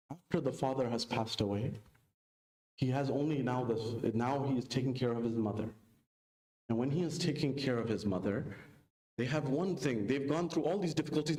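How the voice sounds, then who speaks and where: A man giving a sermon, telling a story and acting out its dialogue with big pitch jumps. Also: a little mellow. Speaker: preacher. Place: mosque hall. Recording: echoey mosque hall.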